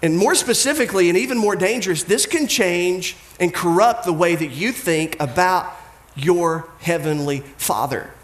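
A pastor giving a conversational sermon, telling humorous stories and mimicking people's voices. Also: male voice, high voice, normal speed, echoey room.

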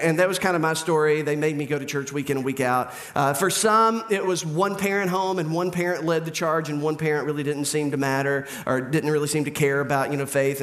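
A middle-aged man with a slightly higher voice preaches a sermon in a relaxed, conversational way. He jokes with the congregation and acts out little back-and-forth exchanges. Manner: conversational and humorous, acts out quoted dialogue. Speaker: pastor.

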